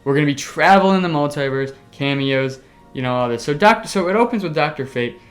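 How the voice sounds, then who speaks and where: A man hosting a casual podcast, telling a story excitably with sound effects and the odd swear word. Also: fairly high pitch, fairly quick, soft background music. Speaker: podcast host.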